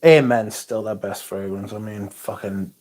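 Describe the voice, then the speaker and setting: A man's voice: lowish voice, unhurried, a little mellow. Casual, chatty man hosting a livestream. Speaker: livestream host. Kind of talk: casual livestream chat, reading out viewer comments.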